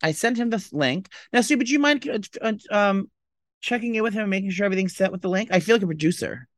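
A man's voice: high-pitched, animated, a bit bright, no echo. A man co-hosting a podcast, chatting casually in a gossipy, dramatic way. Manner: gossipy, dramatic, quick-talking. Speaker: podcast co-host. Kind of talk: casual chat.

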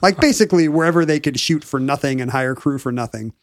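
A man's voice: a little high, fast talker, dry recording. Brief: middle-aged male co-host, rambling, self-interrupting, dry mic. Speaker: podcast co-host. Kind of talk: casual chat.

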